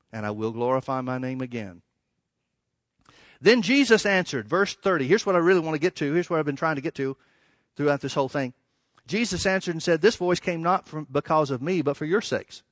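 A man's voice: a little high, dry recording, studio quality. A man preaching a sermon, reading verses and explaining them with emphatic rises and dramatic drops. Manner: emphatic, rising and falling, with dramatic pauses.

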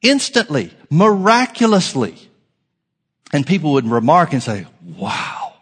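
A man preaching a sermon as pastor, emphatic, swinging from loud declarations to hushed lines. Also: a little high, big pitch swings, a little slow, husky, long reverb tail.

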